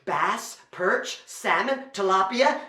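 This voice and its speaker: A man's voice: high voice, expressive, slow, sharp tone. A man telling a children's story at a library show, playfully coaxing the kids to join in. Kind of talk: animated children's story performance. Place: library event room. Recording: echoey room.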